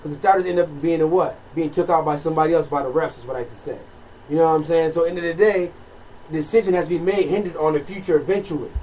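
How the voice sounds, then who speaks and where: A man talks very fast with a slightly high voice, circling back to his points and checking in with his listeners again and again. He sits a bit away from the mic, with a faint hiss behind him. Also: a little mellow. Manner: rapid, repetitive, keeps asking "you know what I mean". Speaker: podcast co-host. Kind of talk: casual chat, preaching life lessons. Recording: distant mic with faint background noise.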